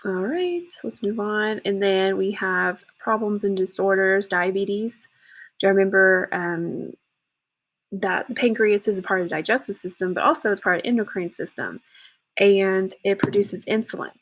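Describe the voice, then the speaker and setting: A woman teacher talking students through a lesson in a casual way, often checking in with "okay" and pausing on "um". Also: medium pitch, steady tone.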